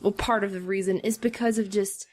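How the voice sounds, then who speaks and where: A woman co-hosting a casual podcast, telling a story with a scratchy throat, animated and easily exasperated. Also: medium pitch, brisk. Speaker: podcast co-host.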